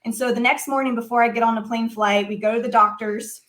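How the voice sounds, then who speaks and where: A woman speaks as a guest in conversation, recounting a personal story with lively, animated energy. Her voice sits a little higher than most women's, and she leans heavily on filler words as she goes. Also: fast. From United States. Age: adult.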